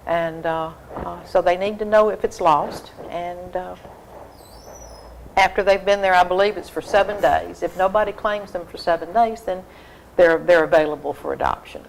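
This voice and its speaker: A woman's voice: lowish voice, fairly even intonation, moderate pace, vocal fry, slight background noise, low-quality recording. A woman, a humane society volunteer, explaining things earnestly in a casual interview. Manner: earnest, explanatory, frequent fillers.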